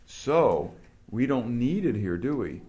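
A man's voice: medium pitch, very animated, slow pace, dark tone. A man teaching Greek grammar to a small group, asking questions and explaining step by step. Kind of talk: classroom instruction.

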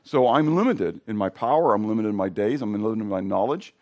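Hoarse man preaching a casual sermon. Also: on the low side, animated, brisk, darkish tone. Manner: conversational, asks the congregation questions. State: hoarse from sinus drainage. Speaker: pastor.

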